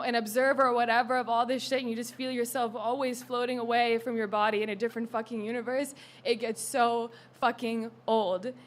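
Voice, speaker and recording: Frustrated young woman venting on stage. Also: sits high. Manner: frustrated, rambling, swearing, flaring into shouts. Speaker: open mic performer. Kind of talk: spoken monologue at an open mic.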